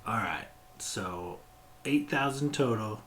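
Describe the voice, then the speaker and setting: A man voicing a shrewd male merchant who haggles over prices with pauses and drawn-out terms. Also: on the low side, lively intonation, fairly bright tone. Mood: bargaining.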